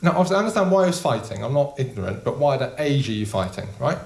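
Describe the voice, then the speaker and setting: A young man doing a stand-up comedy set in a small club, deadpan and casual with frequent ums. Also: mid-range voice, racing, gravelly. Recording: echoey room.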